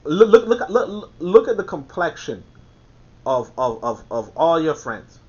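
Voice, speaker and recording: Emphatic high-voiced male commentator, lo-fi. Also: big pitch swings, measured pace, a little mellow. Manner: emphatic, repeats key points. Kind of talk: reading a book aloud with commentary. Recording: dull lo-fi recording.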